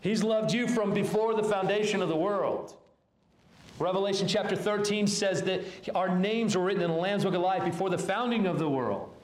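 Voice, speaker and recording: A pastor delivering a sermon in an earnest, halting way, often restarting phrases. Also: male voice, high-pitched, echoey room.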